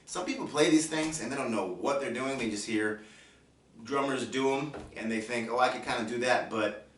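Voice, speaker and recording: A man teaching a drum lesson in a casual, conversational way, often checking in with "right?" and "okay?". He is heard from a distance in a roomy, echoing space, with a clearly audible drum kit and clicks in the background. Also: medium pitch, normal speed, slight background noise. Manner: counts beats aloud while playing. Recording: echoey room, distant mic, loud drums.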